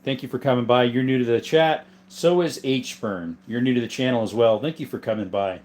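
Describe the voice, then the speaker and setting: Man, 30s, from southern Arizona. Relaxed livestream host, mid-pitched voice, reads out chat and thanks viewers by name. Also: brisk. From southern Arizona, USA. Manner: laid-back, chatty, greets viewers by name. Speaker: livestream host and gun collector. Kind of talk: casual livestream chat reading comments.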